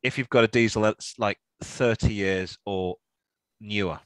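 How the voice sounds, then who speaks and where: A man's voice: on the low side, measured pace, no room sound. A man co-hosting a car podcast in a casual, jokey, rambling chat. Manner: chatty, jokey, rambling with restarts. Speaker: podcast co-host.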